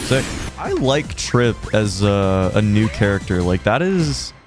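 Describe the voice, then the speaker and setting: A young man giving gameplay commentary with live reactions, excitable, swearing and yelling at the game. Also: fairly low pitch, measured pace. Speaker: gaming video creator. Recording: game music playing behind the voice.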